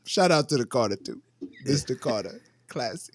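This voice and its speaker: A man's voice: on the high side, slow, fairly bright tone, a little hiss or hum. A man hosting a podcast, reviewing music in loose, slangy casual chat and restarting his sentences often. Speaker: podcast host.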